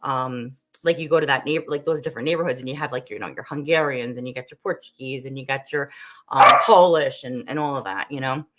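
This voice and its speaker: This woman hosts a casual livestream, talking with viewers in a loose, rambling way that is full of "like" and "um." Her voice sits low for a woman. She grew up in the Northeastern United States. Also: a little fast, a little hiss or hum. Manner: rambling and chatty, heavy with "like" and "um". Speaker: livestream host. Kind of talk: casual chat while cooking, answering viewer comments.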